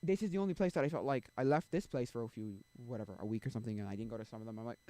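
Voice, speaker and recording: A man's voice: mid-range voice, big pitch swings, fast talker, darkish tone, dry recording. A young man streaming, chatting casually and rambling, often losing his train of thought. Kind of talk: casual chat.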